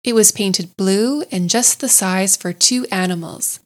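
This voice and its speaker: A woman narrating a classic children's storybook in a gentle, unhurried, expressive way. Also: medium pitch.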